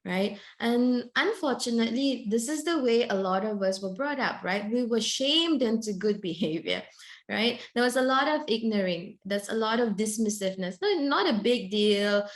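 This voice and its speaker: A woman's voice: a little high, animated, normal speed. A woman, a clinical psychologist, giving a webinar presentation who often ends her points with a tag question and laughs briefly mid-sentence.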